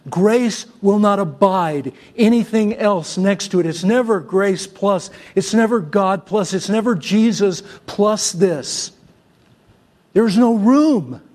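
This high-pitched male pastor from Syria delivers a sermon, swinging between loud exhortation and soft, conversational storytelling.

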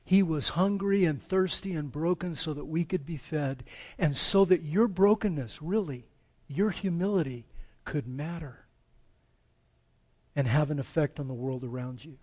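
An American man, a pastor, preaching a dramatic sermon, swinging between loud pleading and slow hushed reading. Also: fairly high pitch. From United States. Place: church sanctuary.

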